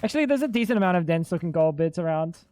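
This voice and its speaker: A man's voice: on the high side, lively intonation, rapid-fire, darkish tone, faint music behind. A young man livestreaming a game, bantering with his chat in a joking, profane way. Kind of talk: casual gaming livestream chat.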